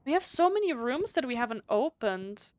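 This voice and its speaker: A woman's voice: high voice, normal speed, a little hiss or hum. Swearing German woman streaming a game. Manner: animated, swears freely, reads game text aloud. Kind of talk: casual gaming commentary.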